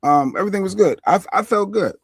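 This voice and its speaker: A man's voice: high voice, animated, quick pace, vocal fry, breathy edge, no room sound, studio quality. A man co-hosting a casual livestream, easygoing and rambling, often repeating himself. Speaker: livestream co-host.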